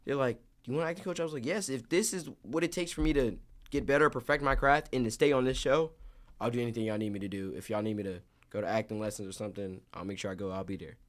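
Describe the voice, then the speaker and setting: A young man, an actor, telling stories in a casual interview, animated and acting out what others said. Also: mid-range voice, quick pace. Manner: animated storyteller, acts out quotes.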